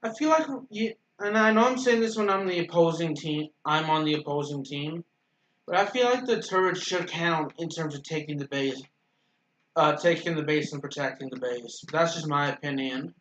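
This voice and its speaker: A man's voice: fairly high pitch, normal speed, a bit bright, highs cut off, slight background noise. A man giving casual, rambling commentary over a video game, often stopping to correct himself and stuttering. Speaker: gaming YouTuber. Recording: roomy echo.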